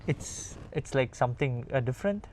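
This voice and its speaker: A man in his forties with an Indian English accent, reading a practice passage aloud slowly and carefully, with pauses. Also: mid-range voice, steady tone, darkish tone, slight background noise. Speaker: language learner.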